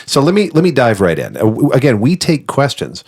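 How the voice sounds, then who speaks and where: A man's voice: medium pitch, wildly swooping pitch, fairly quick, darkish tone, slightly rough. A man co-hosting a casual podcast, joking around and reading out listener questions. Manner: playful, jokey, reads listener questions aloud. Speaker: podcast co-host.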